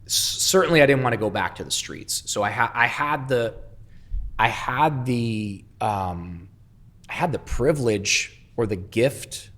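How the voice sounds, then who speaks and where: A man's voice: lowish voice, a bit bright. A man telling his life story as an interview guest, blunt and heavily profane with emphatic swings. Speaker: guest, entrepreneur.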